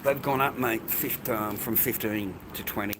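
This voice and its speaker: A man's voice: fairly low pitch, moderate pace, heavy background noise. A man, rambling and swearing casually while vlogging outdoors by a food stall on a phone camera. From Australia. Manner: rambling, profane, blokey. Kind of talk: casual street vlog.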